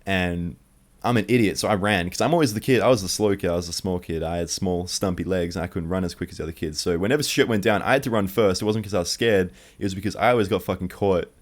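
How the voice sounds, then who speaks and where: A man's voice: low-pitched, steady tone, quick pace. A young man telling a true childhood story in one take, rambling and profane.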